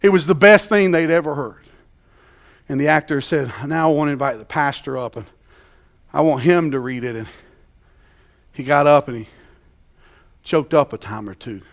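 A man preaching a sermon as a pastor, rising to loud emphatic peaks and dropping to hushed quiet lines. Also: fairly high pitch, normal speed, gravelly, pauses often.

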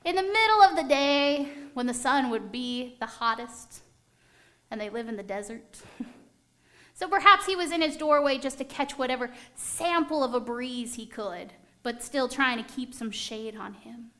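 A woman delivering a sermon in a high, bright voice. She tells the story with lively animation and slips into the voices of the people in it. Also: normal speed. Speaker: preacher.

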